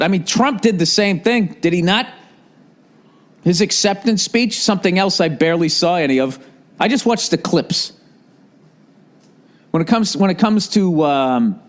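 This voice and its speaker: A man in his forties delivers a comedic podcast rant, full of sarcasm and swearing. His voice sits a little on the high side for a man, and he talks in an animated way. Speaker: podcast host.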